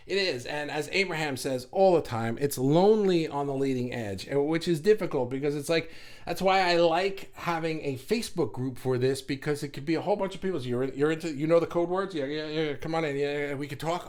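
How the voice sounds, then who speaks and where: A man hosting a casual spiritual talk, rambling and animated, laughing and sighing often. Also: on the high side, a little fast. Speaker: spiritual channel host.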